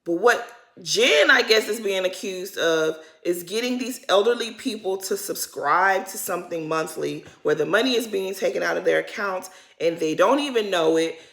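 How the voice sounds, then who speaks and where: A woman giving a casual reality-TV recap, chatty and slangy, swinging between loud emphasis and muttered asides. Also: mid-range voice, lively intonation, moderate pace, creaky. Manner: chatty, slangy and dramatic, addressing viewers as "y'all". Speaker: recap vlogger.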